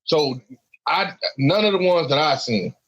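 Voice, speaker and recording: Blunt husky man in casual talk. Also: fairly high pitch, unhurried, fairly bright tone, poor audio. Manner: blunt, matter-of-fact. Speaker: podcast co-host. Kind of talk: casual chat.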